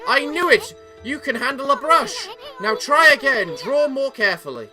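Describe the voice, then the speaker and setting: A woman voicing a brash, cheeky little male companion who teases and gets excited. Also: sits high, moderate pace, voice pushed up. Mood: cocky. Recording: game music behind.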